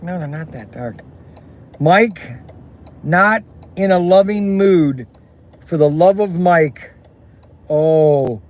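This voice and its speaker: A man vlogging from inside his car, talking in a chatty, rambling way with folksy exclamations, recorded on a phone camera. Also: on the high side. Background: faint road and vehicle noise.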